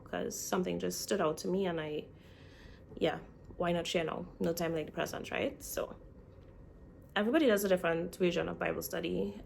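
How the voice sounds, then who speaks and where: A woman's voice: fairly low pitch, gravelly, a little mellow, slight background noise. A young woman vlogging in a casual, chatty way, speaking straight to her viewers. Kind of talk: casual chat.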